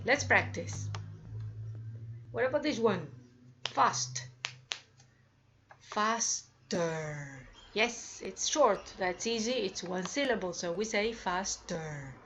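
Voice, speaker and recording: A woman's voice: medium pitch, fairly bright tone, dull audio, slight background noise. A woman teaching English comparatives, drawing out her examples and cheerfully prompting her students. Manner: slow, drawn-out examples with upbeat prompts. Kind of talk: grammar lesson.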